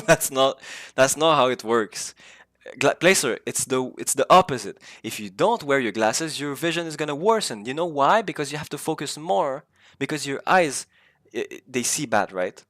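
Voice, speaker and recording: A man's voice: mid-range voice, expressive, moderate pace, a bit bright, dry recording. A man streaming a video game, chatting loosely with his viewers and swearing freely as he rambles. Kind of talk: casual live-stream chat while gaming.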